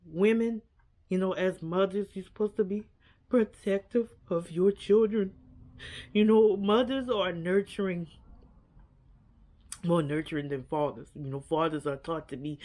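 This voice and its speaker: A woman's voice: on the low side, darkish tone. A woman vlogger giving a casual, earnest reaction to a documentary. She repeats herself often and leans on "like" and "you know.".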